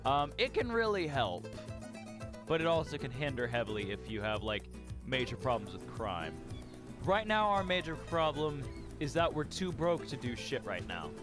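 A young man narrating his own game in a loose, profane, exasperated way. His voice sits a bit high and leaps about with every setback, and soft music plays behind. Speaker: gamer. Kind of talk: casual let's play commentary.

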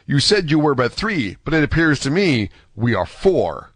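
Brief: a man reading a proud, earnest young swordsman for an audiobook; plain mid-pitched voice, dry and close. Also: sing-song, moderate pace, fairly bright tone, no echo. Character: fiery young male Gascon swordsman.

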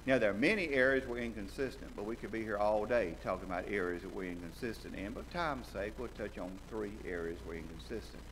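A man from central Alabama, preaching a sermon, swinging between loud exclaiming and low quiet asides. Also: fast talker, hardly any pauses. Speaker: visiting preacher. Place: church sanctuary. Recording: church hall reverb with faint noise.

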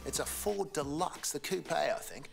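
An actor playing a cheerful, easygoing festival crew member in a racing game, speaking. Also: male voice, a little high, unhurried, vocal fry, soft background music. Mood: friendly. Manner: chatty, easygoing. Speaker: game character.

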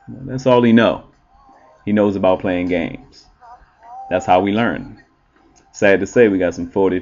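A man's voice: lowish voice, dull audio. Blunt, profane male entertainer. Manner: blunt, profane and animated, with frequent fillers. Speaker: entertainer and relationship show host. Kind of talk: casual monologue.

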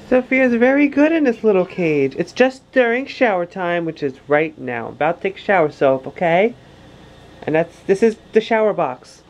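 A man's voice: high voice, lively intonation, moderate pace, muffled recording. A young man chatting casually to viewers in a rambling home vlog. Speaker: family vlogger.

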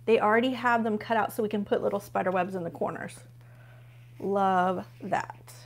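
A woman's voice: medium pitch, steady tone, moderate pace, gravelly. A woman hosting a casual live unboxing stream from home, gushing over what she unpacks and chatting with her viewers. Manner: gushing, chatty, talks to viewers while flipping pages.

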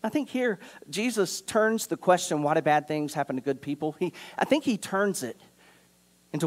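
A man pastor preaching a sermon in a church, earnest, moving from urgent appeals to hushed, quiet passages. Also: on the high side, animated, moderate pace. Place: church sanctuary.

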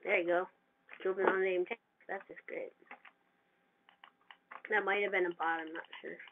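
A gamer giving casual, excitable commentary over their own gameplay and trash-talking opponents. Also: medium pitch, moderate pace. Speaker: gamer narrating own play. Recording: tinny lo-fi mic with faint hiss.

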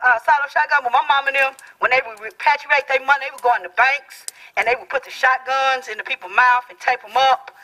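A man's voice: very high-pitched, bright, forceful tone, rough recording. A man giving a fiery rally speech, telling stories from the podium at an outdoor protest. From Dallas, Texas. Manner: fiery, storytelling. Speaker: rally speaker.

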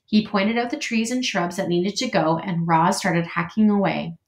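In an echoey room, a woman teacher reads a storybook aloud to her class, telling it clearly and steadily. Her voice is fairly low, and she speaks at normal speed.

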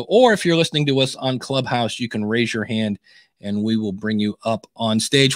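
A man hosting a podcast advice show, chatting in a lively, animated way with frequent restarts. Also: mid-range voice, no echo, studio quality. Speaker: podcast coach and host. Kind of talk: casual podcast advice chat.

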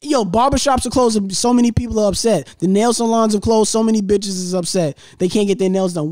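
A man co-hosting a podcast in casual chat, animated and joking as he tells stories, often laughing. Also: high voice, brisk, few pauses, no room sound, studio quality. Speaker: podcast co-host.

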